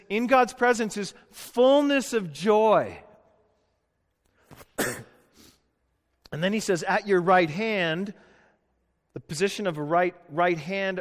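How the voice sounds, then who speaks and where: Emphatic male preacher in a reverberant hall. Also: on the high side. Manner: emphatic, rising to loud rhetorical questions. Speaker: pastor. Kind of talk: sermon.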